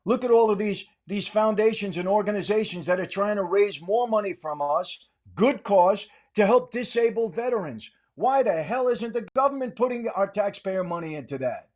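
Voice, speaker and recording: An older American man hosting a podcast, delivering an angry, insulting political rant and repeating himself for emphasis. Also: sits high. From United States. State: aggravated. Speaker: podcast host.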